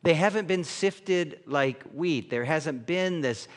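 A man preaching a sermon as a pastor, conversational and animated, acting out the voices he quotes. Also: on the high side, slow. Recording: long hall reverb.

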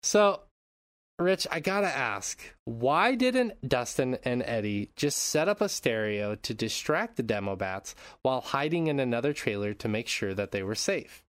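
A young man hosts a loose podcast chat, rambling through his thoughts, laughing often, and swearing casually. His voice sits at an ordinary pitch in a dry, close recording with no room echo. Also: very animated, unhurried. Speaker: podcast host. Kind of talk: casual chat and episode recap.

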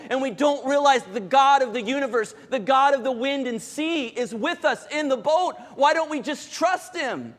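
High-voiced pastor preaching in an echoing hall. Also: male voice, moderate pace. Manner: dramatic, swings between loud urgency and hushed calm. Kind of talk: sermon. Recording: long hall reverb.

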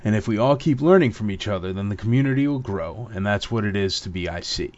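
A man's voice: on the low side, animated, fast talker. A man hosting an interview podcast, laid-back and jokey with his guest. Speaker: podcast host. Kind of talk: casual interview chat. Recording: dull lo-fi audio.

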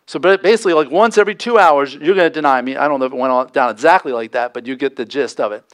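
A man preaching a sermon as pastor, animated, acting out quoted voices with folksy asides. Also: mid-range voice, very fast.

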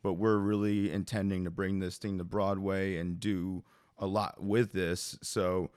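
Very deep-voiced man, dry close sound. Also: little pitch movement, unhurried, a little mellow, dry recording. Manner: hesitant, with many fillers and restarts. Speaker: drummer and percussionist. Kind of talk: casual interview chat.

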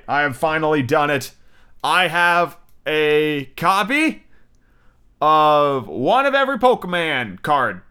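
A man's voice: fairly high pitch, bright, forceful tone, clear, resonant tone. A young man hosting a casual solo podcast, chatty and freely swearing, often restarting his sentences. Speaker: podcast host.

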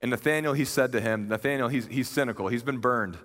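A young man delivers a sermon in a casual, earnest voice at an average pitch. He retells the story with lively energy, and his voice rings out with the long reverb of a large hall. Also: quick pace. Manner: conversational and earnest, animated retelling. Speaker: preacher.

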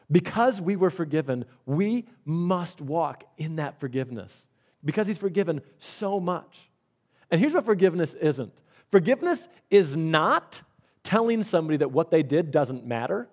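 Guy preaching a chatty sermon, voice a bit on the high side. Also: very animated, unhurried, a little mellow. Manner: conversational preaching with repeated words and demonstrations. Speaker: pastor.

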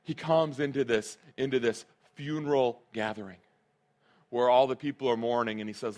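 A man's voice: mid-range voice, fairly even intonation, normal speed, a little mellow. Earnest man preaching a sermon. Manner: earnest, emphatic, repeats key phrases. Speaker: pastor.

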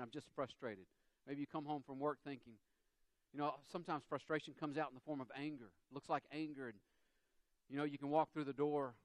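A man's voice: medium pitch, smooth, no room sound. A man with a Southern US accent preaching a sermon, acting out quotes and everyday dialogue as he goes. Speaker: pastor.

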